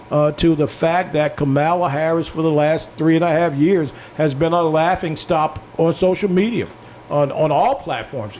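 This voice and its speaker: A man co-hosting a political talk show who has been drinking, speaking bluntly with lots of "uh" pauses and some cussing. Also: high-pitched, a little hiss or hum. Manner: blunt and profane, with frequent "uh" hesitations.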